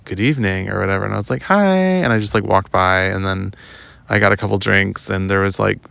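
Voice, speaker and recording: A young adult podcast host telling a long personal story outdoors in a rambling, casual way, full of "like" and "um". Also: male voice, deep voice, flat delivery, quick pace, gravelly, a bit bright, smooth, dry recording. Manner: rambling, lots of "like" and "um", mimics others in quotes. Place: outdoors walking in the woods.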